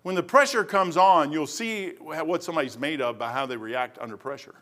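A man preaching a sermon in a church, telling a personal story in a folksy, animated way and often tossing in "man". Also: on the high side, brisk.

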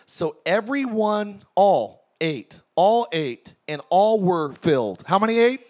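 High-voiced, animated male preacher. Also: slow pace. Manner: energetic, joking preaching with audience call-outs. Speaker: pastor. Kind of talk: sermon. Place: large tent church.

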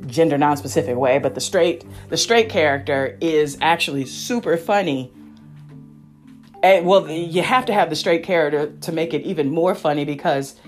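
A woman as the solo podcast host, deep voice, chatty and tangent-prone, faint music underneath. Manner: rambling, self-interrupting, chatty asides. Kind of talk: casual solo review chat.

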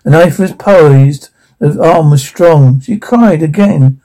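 A man's voice: fairly high pitch, a little slow, rough recording. A man playfully reading a rhyming fairy tale aloud to children. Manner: playful, expressive. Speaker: storyteller.

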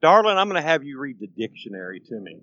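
A man's voice: mid-range voice, big pitch swings, quick pace, pushed and bright, no echo. A man co-hosting a casual podcast, joking and flirting in banter and stumbling over his words. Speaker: podcast co-host. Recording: dull lo-fi recording.

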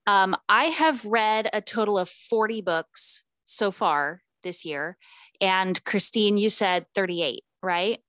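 A woman's voice: medium pitch, takes it slowly, a bit bright, no echo. Woman, podcast co-host, casual chat, chatty with fillers, dry close mic.

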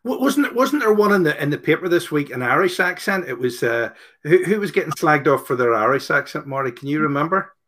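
A male host chats and teases, tripping over his words in stammers. His voice sits high and sounds bright and sharp. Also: expressive, brisk, few pauses, a little hiss or hum. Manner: stammering, teasing. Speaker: radio host. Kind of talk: casual chat.

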